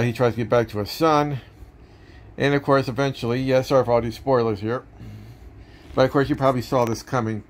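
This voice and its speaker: A man at a middling pitch talks through a movie review in a loose, casual way. He rambles, stops to correct himself and leans on plenty of fillers.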